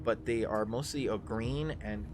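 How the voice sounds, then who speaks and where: A man runs a tabletop game on a live stream and narrates in a lowish voice. He talks casually and haltingly, stopping often for ums and uhs. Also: over music. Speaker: game master.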